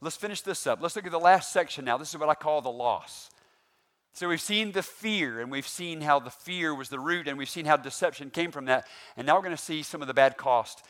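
A man preaching a sermon, animated and full of rhetorical questions to the congregation. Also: a little high. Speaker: pastor.

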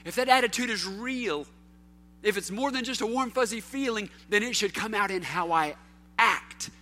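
Bright-voiced preaching man, questions. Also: high voice, animated, moderate pace, slight background noise. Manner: preaching with sweeping swings from loud to hushed; calls out rhetorical questions to the congregation. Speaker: pastor. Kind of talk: sermon.

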